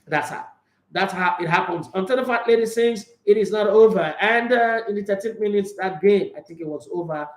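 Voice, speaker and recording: A man hosting an opinionated football show, talking in an animated, emphatic way full of rhetorical questions. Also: high voice, a little fast. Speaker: sports show host. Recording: roomy echo.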